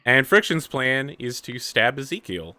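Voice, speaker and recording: A man acting as game master, explaining the rules in a relaxed way and laughing easily. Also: mid-range voice, unhurried. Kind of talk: running a tabletop game.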